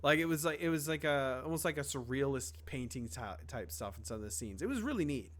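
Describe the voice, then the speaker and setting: A young man chatting on a podcast, rambling through his thoughts with plenty of "um" and "like" and casual swearing. His voice sits at an ordinary middle pitch. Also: expressive, a little fast. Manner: rambling, lots of fillers and restarts, swears casually. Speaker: podcast co-host. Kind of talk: casual chat.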